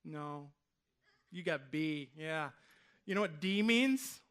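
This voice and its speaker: A male pastor in his thirties delivers a sermon from a church stage, chatting with the congregation and throwing them rhetorical questions. His voice sits a little higher than most men's. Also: slow pace, clear, resonant tone. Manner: conversational, animated preaching with rhetorical questions.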